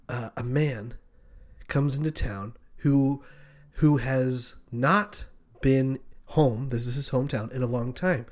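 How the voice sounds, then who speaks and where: A man in casual comedic chat, playfully pitching a made-up movie plot and doing quick voices. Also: a little mellow. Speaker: podcast co-host.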